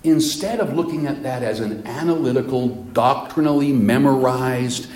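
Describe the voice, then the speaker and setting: Here a man preaches in a mid-range voice at normal speed, sounding mellow and relaxed. His sermon unfolds as lively storytelling, with the reverberation of a spacious room.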